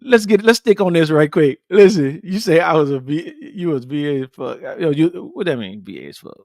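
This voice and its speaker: A man hosting a podcast, chatting casually with his viewers in a blunt, profane, animated way and repeating his points for emphasis. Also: fairly high pitch, fairly quick, vocal fry, dry recording, studio quality. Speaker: podcast host. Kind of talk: casual livestream chat with viewers.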